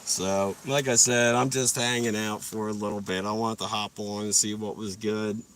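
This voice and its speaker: A man's voice: lowish voice, little pitch movement, normal speed, fairly bright tone, distant mic, slight background noise. A young man telling rambling, profane stories while sitting in his parked car, laughing at his own jokes. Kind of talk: casual storytelling livestream.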